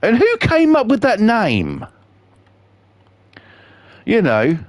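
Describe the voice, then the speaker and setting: A man's voice: high-pitched, wildly swooping pitch, takes it slowly, dry recording. A man, chatting on a live game stream in a sweary, rambling, jokey way. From England. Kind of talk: casual chat on a live stream.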